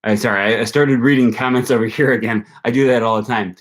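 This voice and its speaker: With a mid-range voice, fairly even intonation, and a quick pace, a young adult Wisconsin man hosts a casual livestream for his language-learning channel. He talks with a Wisconsin accent, thinking aloud to viewers with many ums and likes.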